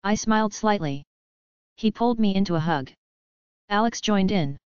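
A woman reading first-person audiobook narration at an even, unhurried pace. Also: mid-range voice, clean tone, no echo, highs cut off.

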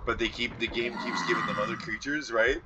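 A man's voice: medium pitch, fairly quick, noisy background. Chatty man narrating his gameplay. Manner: rambling, playful, laughs at his own puns. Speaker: let's play co-host. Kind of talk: casual gameplay commentary.

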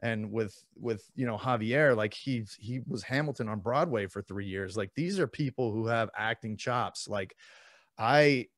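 A man's voice: lowish voice, measured pace, a bit bright, no room sound, studio quality. A man from East Texas, an actor in his thirties being interviewed, joking and self-deprecating with lots of restarts. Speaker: actor, guest. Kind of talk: casual interview.

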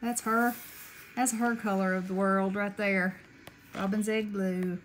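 A woman's voice: medium pitch, flat delivery, measured pace, a little hiss or hum, poor audio. A middle-aged woman with a Southern accent chatting casually and gushing as she shows off a craft haul. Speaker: craft vlogger. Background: paper crinkling.

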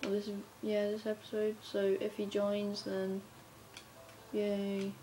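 Slow, mellow woman gaming. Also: mid-range voice. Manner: chatty, talks to herself while playing, bursts of excitement. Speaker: gamer narrating her play. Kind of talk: casual gameplay commentary. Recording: faint background noise.

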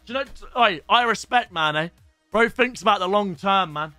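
Young male streamer, high bright voice, excitable sweary banter. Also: normal speed, dry recording, faint music behind. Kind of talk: casual live-stream pack-opening commentary. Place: home streaming setup.

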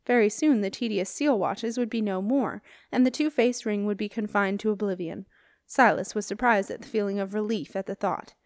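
Audiobook reader: a woman, steady expressive narration, mid pitch, dry close sound. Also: no echo. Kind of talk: scripted narration.

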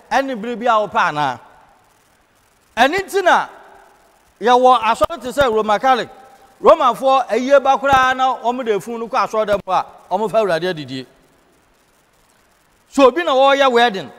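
A Ghanaian man leads a Bible class in a preaching manner, his voice pitched very high. He slips into English whenever he reads scripture. The sound rings out with the long reverb of a large hall. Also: fairly bright tone. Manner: preaching in Twi, switching to English for scripture and key phrases. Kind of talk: sermon-style Bible teaching.

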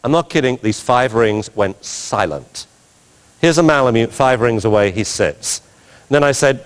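A man giving an animated talk as a dog trainer, telling stories with laughter and mimicked sounds. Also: mid-range voice, measured pace, big-room sound. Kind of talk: animated anecdotal lecture.

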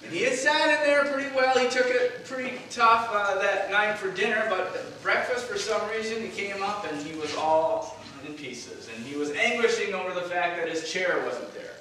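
A man in his forties preaching a sermon, telling a personal story in a self-deprecating way with frequent filler pauses. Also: high-pitched, bright, forceful tone. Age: 40s. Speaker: pastor. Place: church sanctuary. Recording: distant, very echoey church recording with noise.

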